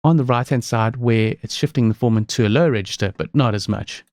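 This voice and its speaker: Man, software tutorial presenter, calm step-by-step explaining, medium pitch, dry close sound. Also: fairly quick, dry recording. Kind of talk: screen-recorded software tutorial.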